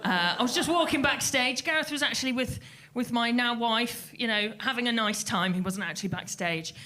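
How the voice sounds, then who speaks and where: A woman telling a lively anecdote on stage, acting out the quotes as she goes. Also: a little high, moderate pace. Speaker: festival crew member telling a story.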